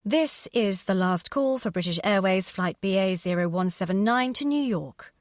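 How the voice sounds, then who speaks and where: A woman voicing a formal airport announcer reading boarding calls in a measured way. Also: mid-range voice, lively intonation, no echo, studio quality, close to an everyday voice.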